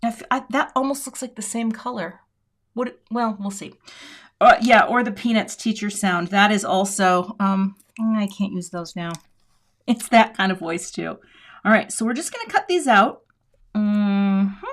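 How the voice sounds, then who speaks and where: A middle-aged woman running a casual crafting livestream, talking to her viewers in a relaxed, rambling way as she works with her hands. Her voice sits at an ordinary middle pitch, and she thinks aloud and jokes along as she goes. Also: measured pace. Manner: chatty, thinks aloud while working, talks to viewers. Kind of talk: casual live demo chat.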